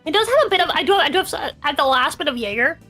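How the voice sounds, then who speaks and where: A woman's voice: high voice, sing-song, racing, sharp tone, faint music behind. A woman co-hosting a casual podcast, crude and rambling, talking with her mouth full. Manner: crude, rambling, laughs often. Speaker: podcast co-host.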